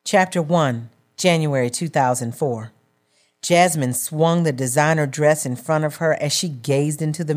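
A woman reading a novel as an audiobook narrator in a measured storytelling manner. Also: low voice, a little mellow.

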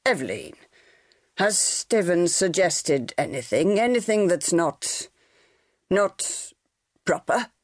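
A kindly middle-aged farmer father, voiced by a woman reading the book, calm and gentle as he reasons with his family. The voice sits lowish and unhurried. Dry, close audiobook sound. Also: no room sound, exaggerated voice. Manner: gentle, slow, remonstrating.

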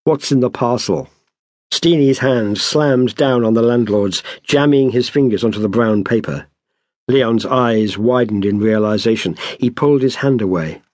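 The author, a man with a medium-pitched voice, narrates his audiobook in a measured, even storytelling style. The recording is studio quality with no echo.

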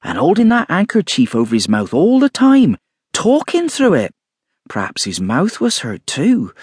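A man's voice: a little high, wildly swooping pitch, a little slow, a little mellow, husky, dry recording, clean studio sound, voice pushed up, heavily acted. A man doing a fussy landlady. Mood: fussing. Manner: fussy, flustered, rustic country speech. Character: bustling middle-aged village landlady.

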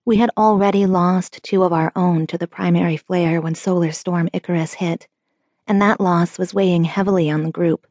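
A woman narrating a young-adult novel in the first person, with measured, earnest storytelling. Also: on the low side, fairly even intonation, darkish tone, dry recording. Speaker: audiobook narrator.

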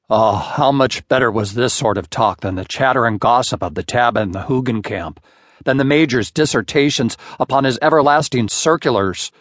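A man narrating a classic short story in a measured, unhurried audiobook reading on a close studio mic. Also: mid-range voice, a bit bright, dry recording.

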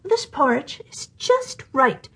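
A woman's voice: very animated, slow pace, pushed and bright, heavily acted. A woman voicing a fussy, picky little girl who whines her complaints in a storybook. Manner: whiny, high little-girl voice.

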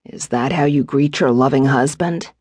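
A man's voice: mid-range voice, moderate pace, slightly rough, no room sound, lightly acted. Woman voicing a cocky, teasing husband. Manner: teasing, confident, soft. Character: teasing devoted husband, cocky, adult man. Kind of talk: audiobook character voice.

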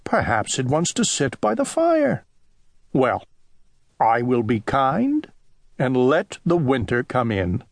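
A man voicing a fussy, kindly little male owl in a children's audiobook, in a high, excitable, sing-song voice. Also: slow pace, no echo, clean studio sound, full character voice. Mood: fretful.

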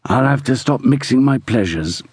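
A man's voice: medium pitch, animated, normal speed, darkish tone, breathy edge, dry recording, studio quality. A male narrator voicing a breezy, teasing young British army soldier in an audiobook. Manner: breezy, joking.

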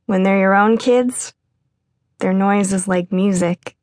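A friendly grown woman with a wry, joking way of talking, read by a woman narrating an audiobook. The voice sits close to the narrator's own, a touch brighter. It is recorded dry and close in a booth. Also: medium pitch, slow pace, no echo, lightly acted. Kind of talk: audiobook character voice.

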